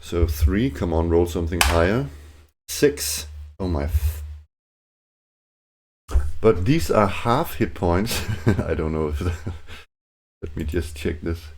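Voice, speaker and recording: A man narrating his own solo tabletop game, thinking aloud in a hesitant way, with many fillers and restarts and quiet chuckles to himself. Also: sits low, animated, slow pace, long pauses.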